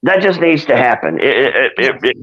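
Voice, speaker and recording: A man's voice: medium pitch, sing-song, fairly quick. Rambling male co-host on muffled audio. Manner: rambling, many restarts and fillers. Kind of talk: casual live-stream chat.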